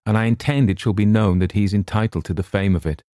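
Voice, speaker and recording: A man voicing a calm, concerned middle-aged gentleman who speaks in a measured, gently pressing way in a read story. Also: lowish voice, no echo, clean studio sound, pitched above the performer's own voice, lightly acted. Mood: earnest.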